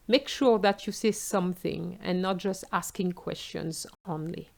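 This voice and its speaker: Slow, patient French woman teacher. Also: lowish voice. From France. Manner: slow, clear explaining, switching into example phrases. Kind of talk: exam tips lesson.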